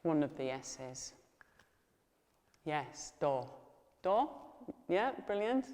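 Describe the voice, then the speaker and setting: A woman who tutors Welsh, saying words slowly and patiently and asking learners to repeat them back. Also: low voice, big pitch swings, darkish tone, big-room sound. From England. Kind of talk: teaching Welsh pronunciation to learners.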